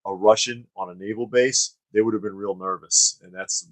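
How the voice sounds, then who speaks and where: A man's voice: lowish voice, fairly even intonation, normal speed, dry recording, low-quality recording. A man co-hosting a live stream, chatting casually and reading viewer comments, rambling with fillers and restarts. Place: studio.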